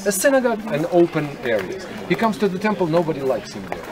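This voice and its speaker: A man's voice: a little high, huge pitch swings, fast, music in the background. A man leading a tour group outdoors, talking casually and asking his listeners questions as he explains. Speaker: tour guide. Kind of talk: guided tour talk. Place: outdoors at a historic site. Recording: outdoor recording with crowd noise. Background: crowd chatter.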